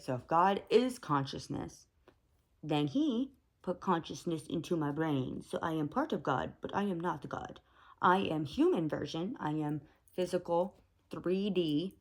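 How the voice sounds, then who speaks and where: A young woman with a low voice talks to her camera in a loose, unscripted monologue. She thinks out loud, backtracks often and fills pauses with "like" as her thoughts wander. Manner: thinking aloud, many fillers and self-corrections. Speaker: vlogger.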